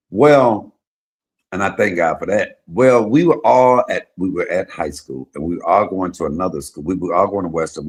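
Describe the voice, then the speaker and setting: A middle-aged man hosting a casual chat, telling profane, animated stories. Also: low voice. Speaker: host.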